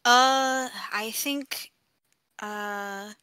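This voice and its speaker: A woman's voice: on the high side, fairly even intonation, extremely slow, bright, forceful tone, clean tone, no echo. A woman co-hosting a podcast, chatting casually with dry quips and frequent laughter. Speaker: podcast co-host. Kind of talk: casual chat.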